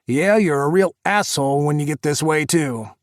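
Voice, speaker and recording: A man voices a wry, brash colleague in a teasing mood, raising his voice with sarcasm. His natural voice is pitched a little high, above his own, at normal speed, in clean studio sound with no room echo.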